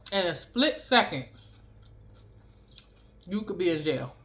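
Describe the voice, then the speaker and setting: A woman vlogger telling a story to camera in a blunt, profane, animated way, chewing and laughing between lines. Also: fairly low pitch, slow. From New York City.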